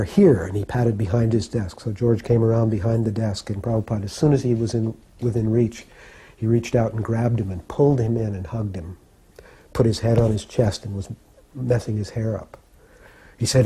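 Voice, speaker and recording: A man telling a personal anecdote in an unhurried, reflective way, with occasional fillers. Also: fairly low pitch, mellow, breathy edge. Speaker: devotee recalling memories.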